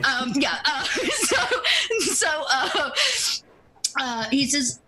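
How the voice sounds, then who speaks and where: A woman's voice: high-pitched, sing-song, extremely slow, long pauses, sharp tone, slight background noise, poor audio. A woman narrating as game master of a tabletop role-playing game, rambling with many ums and asides.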